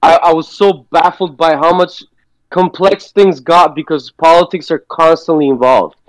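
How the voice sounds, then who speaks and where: A man's voice: fairly high pitch, fairly even intonation, normal speed, no echo, poor audio. A man guesting on a podcast, telling stories in a laid-back, slangy way and swearing freely. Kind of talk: casual storytelling chat.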